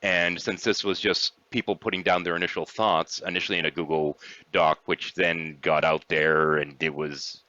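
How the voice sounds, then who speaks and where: A man's voice: deep voice, flat delivery, normal speed, bright, forceful tone, dry recording. A man hosting a casual podcast, blunt and profane in his talk. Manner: blunt, profane, occasionally clears throat. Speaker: podcast host. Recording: dry, dull lo-fi sound.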